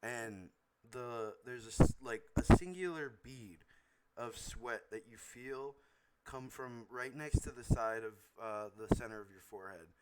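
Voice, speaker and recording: Man game master, halting, noisy mic. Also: medium pitch. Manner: halting, many fillers and self-corrections. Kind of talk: narrating a tabletop game. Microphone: home microphone.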